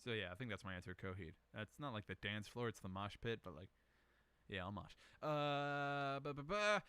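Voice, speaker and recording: A man's voice: on the low side, animated, moderate pace, bright, forceful tone, smooth, no room sound. A young man hosting a casual solo show, rambling through questions in a profane, self-mocking way. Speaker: podcast host answering questions.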